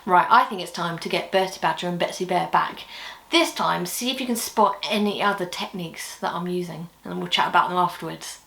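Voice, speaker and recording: A woman's voice: on the low side, brisk, creaky, a bit bright, reverberant. A woman giving a friendly, chatty puppetry training talk for a children's ministry video. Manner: friendly, encouraging, chatty with laughs.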